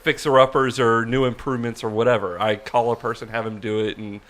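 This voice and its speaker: Bright-voiced man telling a story. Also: medium pitch, little pitch movement, a little fast. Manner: self-mocking, rambling storyteller. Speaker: podcast co-host. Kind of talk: casual chat.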